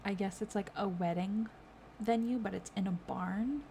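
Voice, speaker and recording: A woman's voice: mid-range voice, normal speed, gravelly, mellow, slight background noise. A young woman giving casual, gushing commentary as she tours builds in a life-sim game, easily delighted and full of fillers. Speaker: gaming video creator.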